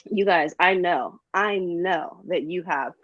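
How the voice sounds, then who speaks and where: A woman's voice: lowish voice, takes it slowly, a bit bright, dry recording. A middle-aged woman co-hosting a casual motivational chat, upbeat and encouraging, with many fillers. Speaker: co-host. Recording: dull dry lo-fi sound.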